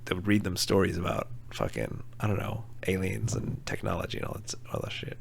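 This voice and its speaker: Man, podcast co-host, gravelly low voice, rambling, crowd noise behind. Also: big pitch swings, brisk. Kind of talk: casual podcast chat.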